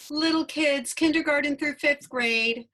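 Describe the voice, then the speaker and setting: Bright, high-pitched New woman host. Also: rough recording. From New York. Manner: chatty and effusive, quick to laugh. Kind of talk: casual video-call interview. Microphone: video call.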